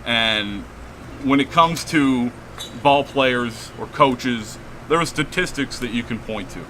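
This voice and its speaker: A male radio host asking an interview guest measured, thoughtful questions. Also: medium pitch, pushed and bright, slight background noise, poor audio.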